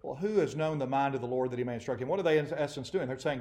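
A man preaching a sermon to his congregation, animated and acting out quoted voices. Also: mid-range voice, rapid-fire, few pauses. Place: church assembly.

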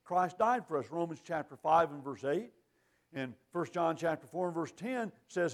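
A man's voice: on the high side, animated, moderate pace. A man preaching a sermon in a folksy, emphatic way, quoting scripture.

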